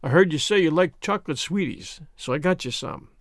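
A man voicing a shy, gentle older farmer who speaks softly and bashfully. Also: fairly high pitch, animated, a little fast, no echo, studio quality.

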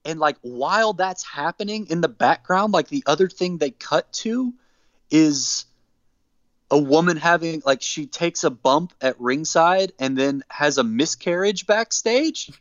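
Podcast co-host, male, lively storyteller, dry and slightly muffled sound. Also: a little high, a little slow, no room sound. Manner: animated storyteller, acts out quotes. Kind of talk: casual chat, recapping wrestling. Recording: dull dry close mic.

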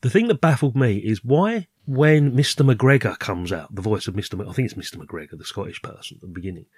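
A male podcast host with a husky, slightly low voice who rambles and hesitates, his sentences often trailing off quietly. He chats casually about films. The sound is dry and close. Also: expressive, a little fast, no room sound. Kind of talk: casual film chat.

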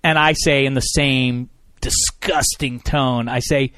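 A man in his thirties hosting a radio talk show, telling a story in a lively, sarcastic way. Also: on the high side, slow pace, no room sound, studio quality. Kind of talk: casual storytelling chat.

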